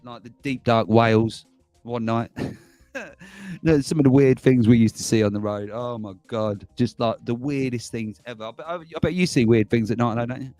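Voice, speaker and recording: A man's voice: medium pitch, steady tone, normal speed, a little mellow, dry recording, soft background music. A man hosting a casual livestream, rambling and chuckling as he reads out viewer comments. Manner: chuckling, rambling, self-mocking. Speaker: livestream host.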